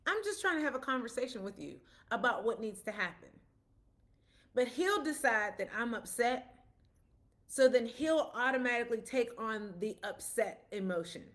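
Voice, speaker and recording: A woman's voice: fairly high pitch, lively intonation, moderate pace, fairly bright tone. A woman, a parent, giving a casual explanatory talk about autism, telling stories with quoted dialogue in a conversational way.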